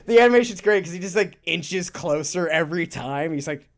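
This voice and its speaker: A podcast co-host in casual chat, talking in a rambling, animated way, swearing casually and laughing often. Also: mid-range voice, a little fast.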